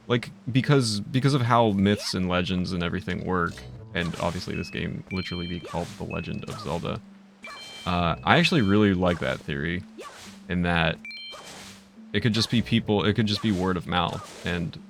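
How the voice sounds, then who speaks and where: A man's voice: sits low, vocal fry, slight background noise. A man streaming a video game live, chatting and rambling casually with viewers.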